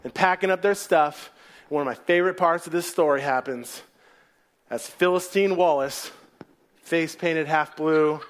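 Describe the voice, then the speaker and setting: A male pastor preaching a sermon as an animated storyteller who acts out the scenes. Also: fairly high pitch, a little slow.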